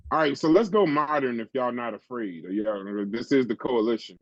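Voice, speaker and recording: A man's voice: medium pitch, normal speed, dry recording, lo-fi sound. A man hosting a casual podcast chat, laughing often and talking in loose slang. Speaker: podcast host.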